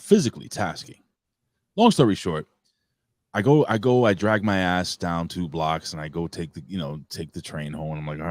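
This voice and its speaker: A man's voice: low-pitched, moderate pace, no room sound. A man, co-hosting a casual podcast and telling a rambling, profane story. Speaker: co-host.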